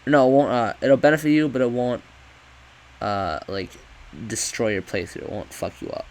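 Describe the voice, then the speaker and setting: A man's voice: mid-range voice, lively intonation, moderate pace, poor audio. A man giving a rambling, profane, casual review of a video game, often correcting himself.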